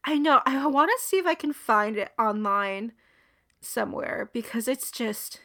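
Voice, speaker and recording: A young woman chatting on a podcast, rambling from one story to the next and laughing as she goes. Her voice sits a touch high and carries a gravelly, fry-laden texture. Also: unhurried. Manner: giggly, rambling and animated. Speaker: podcast co-host. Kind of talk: casual chat.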